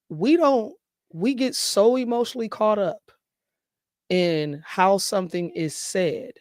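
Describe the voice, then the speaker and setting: Woman podcast host, blunt and animated, dry close mic. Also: lowish voice, no echo. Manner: blunt, animated, speaks with conviction. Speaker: show host. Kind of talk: casual podcast chat.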